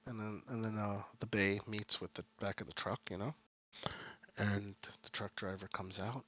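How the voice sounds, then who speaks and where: A man's voice: lowish voice, level tone, normal speed, sharp tone, lo-fi sound. A man narrating as game master of a tabletop game, in a rambling, filler-heavy way.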